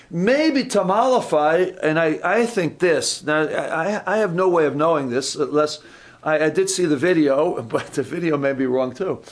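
Man preaching, fairly high voice, casual and conversational, quizzes the congregation, stumbles and restarts. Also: normal speed. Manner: informal, repeats words, asks the room questions, self-corrects. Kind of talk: conversational sermon with congregation questions.

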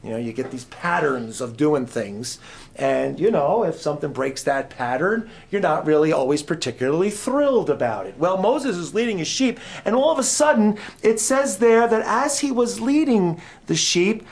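A middle-aged man preaching a sermon as a guest speaker, quizzing the audience and swinging between soft asides and loud emphasis. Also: sits high, lively intonation, moderate pace, creaky.

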